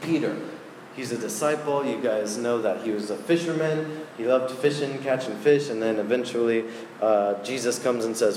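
A man's voice: mid-range voice, moderate pace, a little hiss or hum. A man preaching a casual, conversational sermon, talking straight to his listeners. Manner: conversational, animated, addresses the audience directly. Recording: roomy hall with long reverb, faint ambience.

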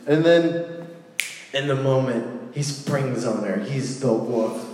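A man's voice: mid-range voice, measured pace. Man preaching casually in an echoey hall. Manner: playful, storytelling, animated asides. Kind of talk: casual sermon. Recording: echoey hall with long reverb.

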